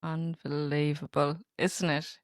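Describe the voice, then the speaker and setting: A woman's voice: low voice, little pitch movement, slow, no echo, clean studio sound. A woman co-hosting a casual podcast, chiming in with incredulous agreement and short laughs. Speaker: podcast co-host.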